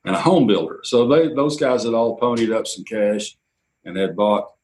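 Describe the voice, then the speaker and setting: An older man, a radio executive telling anecdotes in an interview, quoting others in lively bursts. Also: fairly low pitch, normal speed, rough recording. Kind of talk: storytelling interview.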